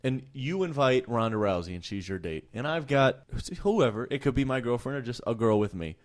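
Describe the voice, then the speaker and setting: A man hosting a casual podcast chat, telling stories with lively acted-out voices. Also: medium pitch, a little fast. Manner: animated storyteller, acts out voices in retelling. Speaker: podcast host.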